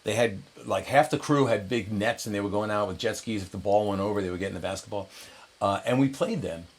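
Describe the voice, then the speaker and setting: A middle-aged man casually telling an anecdote to the camera, animated and jumping into higher voices for quotes. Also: brisk. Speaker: storyteller.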